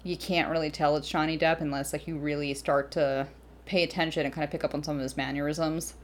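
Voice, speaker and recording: A woman with a fairly low voice co-hosts a podcast in an easy, casual way. She swears freely and breaks into big laughs. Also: little pitch movement, brisk. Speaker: podcast co-host. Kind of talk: casual chat.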